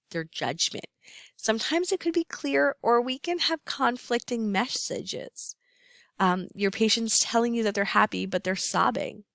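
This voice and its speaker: Woman nursing instructor, gravelly tone, dry close recording, explanatory lecture delivery. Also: medium pitch, a bit bright, no echo. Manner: explanatory, repeats key terms, frequent "um".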